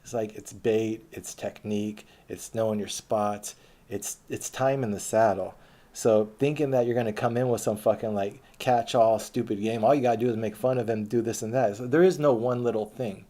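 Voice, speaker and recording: Mellow-voiced man rambling casually. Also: on the low side, fairly even intonation, moderate pace. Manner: casual and profane, with frequent restarts and fillers. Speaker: storyteller recounting his dating life. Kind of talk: rambling autobiographical monologue.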